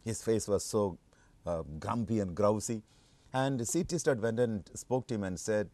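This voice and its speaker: A man preaching a sermon with emphatic delivery, leaping to high fervent peaks and repeating his key phrases. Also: unhurried, mellow, dry recording.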